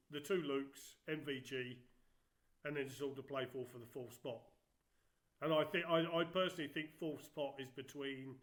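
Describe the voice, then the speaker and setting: Middle-aged ex darts player, blunt and plain-spoken, slightly high voice. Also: male voice, a bit bright. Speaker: former darts player, pundit. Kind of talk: casual sports punditry.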